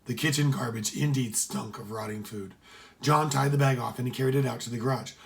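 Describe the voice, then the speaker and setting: A man reading a children's adventure story aloud. He narrates steadily and with expression. His voice sits at an average pitch. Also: fairly quick, vocal fry.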